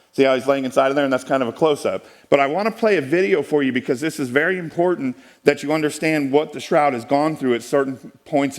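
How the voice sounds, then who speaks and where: A man giving a folksy, joking presentation to a live audience, with many restarts. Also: mid-range voice. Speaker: speaker giving a talk.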